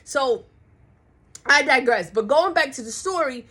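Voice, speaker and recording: A woman vlogger chatting through a soap opera recap in a gossipy, slangy, animated way. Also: sits high, measured pace. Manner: animated, gossipy, slangy, acts out characters' lines.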